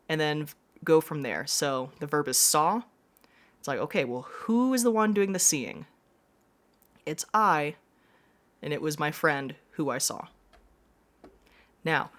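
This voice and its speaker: A woman's voice: sits low, a bit bright. A woman teacher giving a classroom lesson, explaining step by step with frequent reminders.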